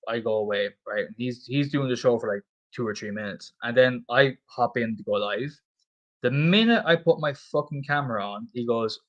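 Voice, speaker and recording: A man's voice: medium pitch, expressive, normal speed, pushed and bright, dull audio. A man chatting casually on a livestream, reading out viewer comments, swearing freely and repeating himself. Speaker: stand-in livestream host.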